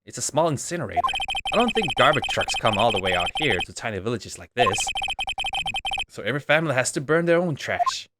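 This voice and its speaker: A man casually reading a detective game's dialogue aloud in a wry, relaxed playthrough. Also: medium pitch, brisk, heavy background noise. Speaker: game streamer reading all characters. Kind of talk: game playthrough voicing the text. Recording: voice over loud game music.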